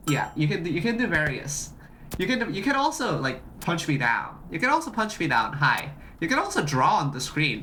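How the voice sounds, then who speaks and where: Streamer, animated pitch, bright tense tone, casual stream chat, repeats itself. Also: slight background noise. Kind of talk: casual live-stream chat demoing a project.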